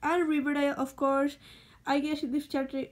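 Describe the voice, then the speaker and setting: A woman's voice: sits high, flat delivery, normal speed. A young woman whose first language is Spanish, chatting casually to her vlog audience and repeating words as she thinks aloud. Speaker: vlogger.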